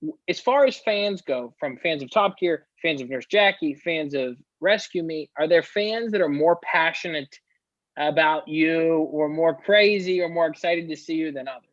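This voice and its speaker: A man's voice: on the high side, normal speed, dry recording, highs cut off. A man hosting a podcast who asks long, rambling questions full of fillers. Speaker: podcast host. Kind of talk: interviewer asking questions.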